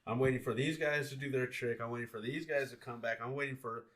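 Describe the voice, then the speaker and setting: A man hosting a podcast, chatting in a relaxed, agreeable, slangy way. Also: medium pitch, fast talker. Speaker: podcast host. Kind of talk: casual podcast chat.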